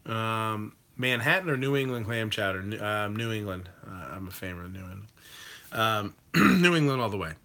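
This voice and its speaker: A man hosts a live stream in a loose, rambling way, with plenty of ums and the odd curse. His voice is bright and forceful. He reacts freely to what his viewers type. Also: lowish voice, moderate pace. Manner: rambling, loose, with swearing and many fillers. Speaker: livestream host reading chat. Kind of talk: casual chat.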